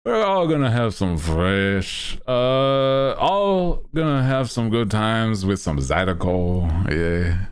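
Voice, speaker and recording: A man's voice: fairly low pitch, expressive, takes it slowly, few pauses, clear, resonant tone, pitched above the performer's own voice. A man putting on a jolly Cajun drawl. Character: cheerful Cajun man talking food and music.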